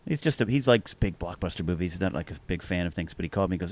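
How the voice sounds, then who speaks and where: A man as a podcast guest, an author telling animated stories and acting out the people in them. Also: sits low, very fast. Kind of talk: podcast conversation.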